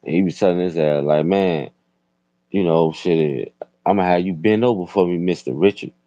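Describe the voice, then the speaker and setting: Deep-voiced profane Chicago man. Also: normal speed, no echo, dull audio. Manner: loud, profane storytelling. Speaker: host. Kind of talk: casual livestream chat.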